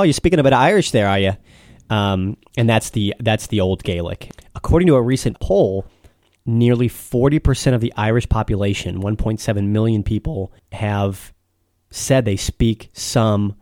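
A man's voice: lowish voice, darkish tone, no echo, clean studio sound. An American man explaining things patiently in a casual chat, with frequent restarts. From United States.

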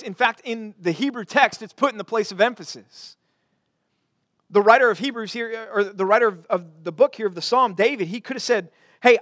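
A man preaching a sermon as pastor, earnest, repeating phrases and swinging from quiet to emphatic. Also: sits high, no echo, studio quality.

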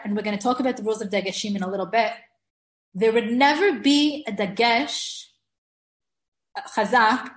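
Woman teaching grammar in an echoey room. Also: mid-range voice. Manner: explains patiently, repeats words to stress the right reading. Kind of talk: recorded lecture.

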